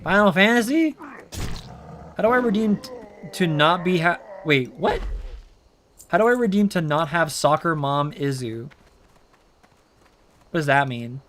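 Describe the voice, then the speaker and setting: Slow-talking playful young streamer guy. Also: a little high, animated, a bit bright, a little hiss or hum. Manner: playful, rambling, reacts to chat, says meow. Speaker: VTuber game streamer. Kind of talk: casual live-stream chatter while gaming.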